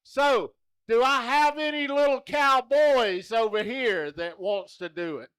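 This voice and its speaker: A man entertaining a rodeo crowd with a strikingly high voice. He talks slowly and clearly, folksy and joking as he coaxes children along. The sound is close and dry. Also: fairly bright tone, no echo. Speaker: rodeo entertainer running a kids' contest. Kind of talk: lively arena crowd-work. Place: rodeo arena.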